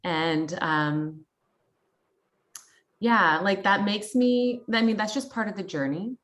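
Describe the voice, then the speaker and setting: A woman's voice: medium pitch, slow pace, a bit bright. A woman in her thirties from Canada, sharing a personal story in a candid, chatty way full of fillers and quoted thoughts. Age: 30s. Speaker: guest.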